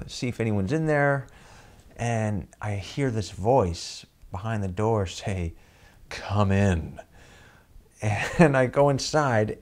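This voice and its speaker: A man's voice: on the low side, darkish tone. A man from Boston telling a comic story, rambling and self-deprecating, with lots of fillers. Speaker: comedian.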